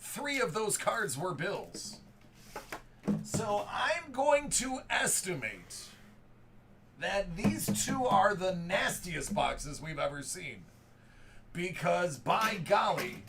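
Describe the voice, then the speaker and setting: High, lively hype man breaking cards. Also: takes it slowly, creaky, over loud music. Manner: hype, erupts into excited shouts; reads out card names and serial numbers. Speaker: live card break host. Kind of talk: live sports card break commentary.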